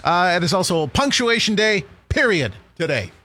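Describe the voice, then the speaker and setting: A man's voice: high voice, big pitch swings, normal speed, bright, forceful tone. A man hosting a morning radio show in a studio, chatting in a rambling, jokey way and telling stories. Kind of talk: casual radio banter.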